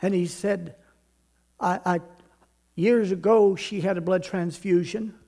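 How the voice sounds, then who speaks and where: An older man preaching a sermon, building to loud emphatic repetition and then dropping to quiet storytelling. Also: sits high, steady tone, takes it slowly. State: out of breath.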